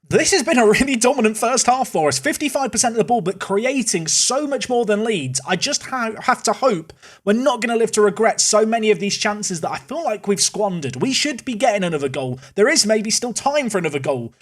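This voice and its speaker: A young man doing excited play-by-play commentary on a football management video game. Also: high-pitched, a little fast. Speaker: gaming YouTuber.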